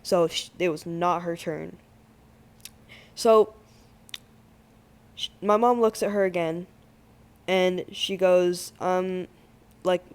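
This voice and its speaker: A man's voice: sits high, takes it slowly, long pauses, clean tone. Slangy young man telling a storytime. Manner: slangy, swears freely, lots of "like"; animated, exaggerated retelling. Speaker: gaming channel host. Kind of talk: casual storytime.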